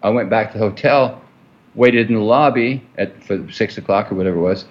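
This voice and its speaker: In a lo-fi recording, a man speaking at a fairly low pitch and a little fast recounts a long story during an interview. He rambles, restarts often, and fills his speech with fillers.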